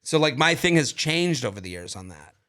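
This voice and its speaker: A man's voice: fairly high pitch, a little fast. A man co-hosting a podcast in casual chat, joking and reading listener emails aloud. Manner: animated, jokey, reads listener emails aloud. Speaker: podcast co-host.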